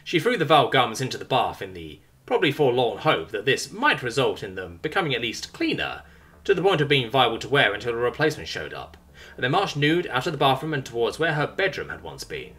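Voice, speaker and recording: A man narrating a science fiction story as an audiobook, with wry, expressive storytelling. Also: medium pitch, fast talker.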